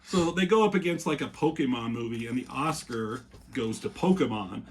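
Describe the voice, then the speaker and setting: A man's voice: mid-range voice, lively intonation, slightly rough. A man in casual chat, reading comic strips aloud and joking with a friend, often laughing and swearing. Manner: laughing, swearing, slipping into quick comic voices.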